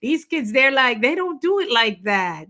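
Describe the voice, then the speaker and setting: A middle-aged woman from the Caribbean hosts a casual live stream chat. Her voice sits a little high and sounds bright and forward. She laughs often and keeps the talk animated. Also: unhurried.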